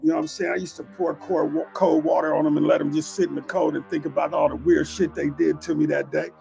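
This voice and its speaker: Over faint music, a man talks fast in a fairly high, warm, creaky voice with little pitch movement. On his own channel he spins a long street story in a streetwise, profane monologue, repeatedly asking "you know what I'm saying" to make sure you're following.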